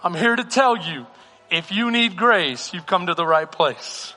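A man's voice: high-pitched, animated, a little slow, pushed and bright. A male pastor preaching a sermon with a passionate, repetitive cadence in a church hall. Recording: reverberant hall with music.

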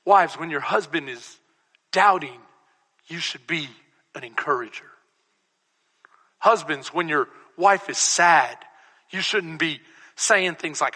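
A man's voice: high-pitched, animated, measured pace, pushed and bright. A man pastor from Texas preaching a sermon, telling stories and building to emphatic repeated declarations in a church sanctuary. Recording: long church reverb.

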